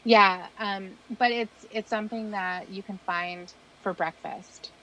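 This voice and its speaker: A woman's voice: mid-range voice, steady tone, a little slow, pushed and bright, slight background noise, low-quality recording. Chatty woman host, rambling. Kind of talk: casual chat.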